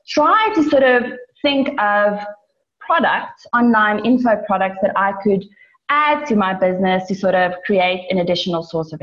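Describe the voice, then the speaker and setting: Woman from south africa telling a story, chatty, lots of um and like, roomy dull-sounding recording. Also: medium pitch. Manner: chatty, many fillers, animated in retelling. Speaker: online business owner. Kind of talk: personal storytelling.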